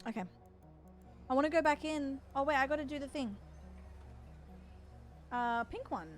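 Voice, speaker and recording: A woman's voice: sits high, moderate pace, soft background music. A young woman streaming a game, chatting casually with viewers, reacting aloud and swearing now and then. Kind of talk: casual gaming stream chat.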